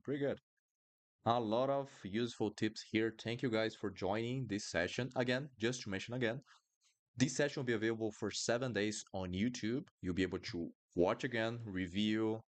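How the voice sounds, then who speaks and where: A man with a Brazilian accent, a native Portuguese speaker, teaches pronunciation in a live online lesson and patiently repeats words for drills. His voice is on the low side and he speaks at normal speed.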